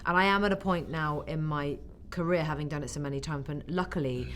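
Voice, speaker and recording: An English actress in her forties chatting in an interview, telling stories with animated acted-out quotes. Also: deep voice, a little fast. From England. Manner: animated storyteller, acts out quotes. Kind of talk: casual interview chat. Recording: faint background noise.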